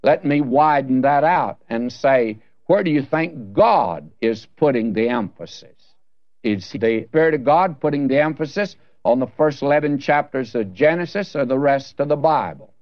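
A man's voice: mid-range voice, lively intonation, moderate pace, dry recording. A man preaching a Bible sermon, earnest and folksy, asking rhetorical questions and speaking straight to the listener. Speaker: Bible teacher. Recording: dull, slightly muffled dry recording.

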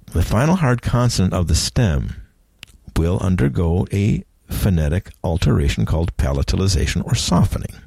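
A man teaching a recorded language lesson, explaining grammar deliberately and repeating each example word for pronunciation practice. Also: sits low, vocal fry, a little mellow, no room sound.

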